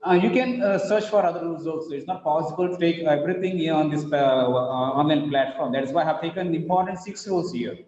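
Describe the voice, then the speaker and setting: A man teaching an online phonetics class, patiently repeating words slowly to model stress. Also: fairly high pitch, darkish tone. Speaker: English teacher. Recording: echoey, dull online call audio.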